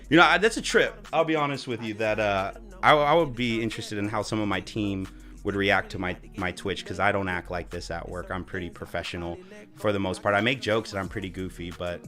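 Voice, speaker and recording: Bright-voiced joking male streamer. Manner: joking, profane, jumps into high mock voices. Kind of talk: casual chat.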